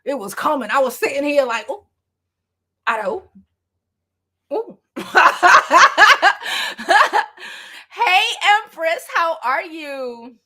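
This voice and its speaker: High, bright-voiced gossiping woman. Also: slow, pauses often. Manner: loose, profane and expressive, breaking into laughter. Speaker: celebrity gossip vlogger. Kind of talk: casual livestream gossip chat.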